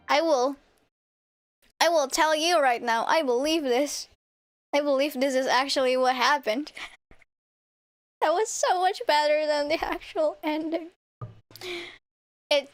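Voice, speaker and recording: A young woman streamer giving excitable, playful game commentary, laughing and swearing freely. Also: high voice. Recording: faint game music behind.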